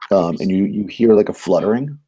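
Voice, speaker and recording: A man running a tabletop game in a relaxed, rambling way, leaning on fillers as he describes scenes. His voice is very low, with a mellow, dark tone and a husky edge. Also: brisk. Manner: relaxed, rambling narration full of "um" and "kinda". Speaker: game master.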